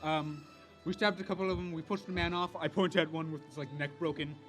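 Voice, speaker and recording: A man's voice: fairly high pitch, fairly even intonation, fairly quick, fairly bright tone, faint music behind, close to an everyday voice. A man voicing a bumbling pirate posing as a guard, in a put-on Irish accent. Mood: bluffing.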